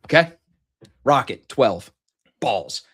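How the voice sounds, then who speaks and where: A man tells a casino story in loose, profane podcast chat. His pitch sits in the middle of the male range, and he jumps up loudly whenever he acts out what he said at the table. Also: sing-song, slow, breathy edge. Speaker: podcast host telling a story. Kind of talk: casual chat.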